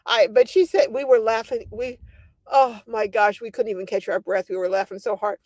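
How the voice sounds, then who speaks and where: An older woman chats on a livestream, her fairly high voice bouncing through an animated, laugh-filled story. The sound is close and dry, with no room around her. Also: normal speed, no room sound. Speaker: livestream host. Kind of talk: casual livestream chat.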